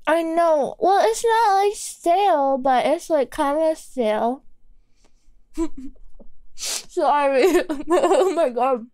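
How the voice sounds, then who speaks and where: Woman streamer, high voice, unhurried, sarcastic, giggly teasing, dry close mic. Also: darkish tone, dry recording. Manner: teasing, sarcastic, giggly, talks while eating. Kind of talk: casual gaming stream chat.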